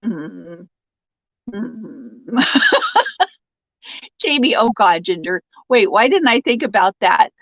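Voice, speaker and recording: A woman's voice: medium pitch, big pitch swings, extremely slow, pauses often, a bit bright, no echo, muffled recording. A woman hosting a casual live stream, reading out viewer comments, joking and laughing often and turning sympathetic when someone shares bad news. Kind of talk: casual chat.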